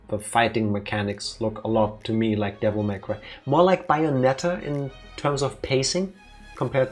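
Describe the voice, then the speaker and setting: A woman with a Danish accent co-hosting a let's play, chatting casually in a playful, teasing way with theatrical asides. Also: very deep voice. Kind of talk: casual chat over gameplay.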